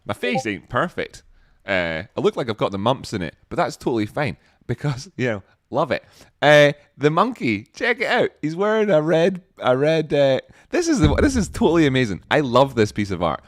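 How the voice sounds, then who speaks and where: A man hosting a livestream, chatting casually and reading out viewer comments with jokes and sudden excited exclamations. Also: medium pitch, normal speed, no room sound, studio quality. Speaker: livestream host.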